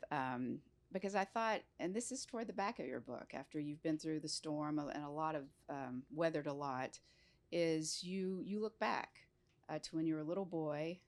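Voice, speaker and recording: A woman interviewing an author on stage, asking long, winding questions in a friendly way. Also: sits low. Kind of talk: moderated book talk.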